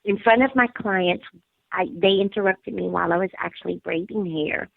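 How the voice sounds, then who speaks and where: A middle-aged woman, a hair braider, telling her story as a phone-in interview guest in an emphatic, animated way, acting out what people said. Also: lowish voice, moderate pace, creaky, no room sound. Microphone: telephone. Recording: tinny dry phone line.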